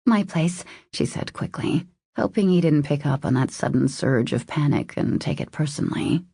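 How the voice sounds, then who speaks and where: A woman with a low, dark voice narrating a romance audiobook in a measured, intimate way. Her tone has gravelly fry and a husky, breathy grain. The recording is dry and close. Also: no room sound.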